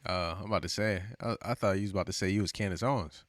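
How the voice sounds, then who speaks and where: A man's voice: deep voice, very fast, no echo, clean studio sound. A man co-hosting a podcast in laid-back casual chat, repeating phrases and laughing often. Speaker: podcast co-host.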